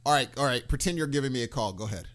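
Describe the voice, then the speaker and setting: A man co-hosting a podcast in casual chat, playful and animated as he tosses out questions and theories. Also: mid-range voice, racing. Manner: animated, playful, acts out little quotes. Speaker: podcast co-host.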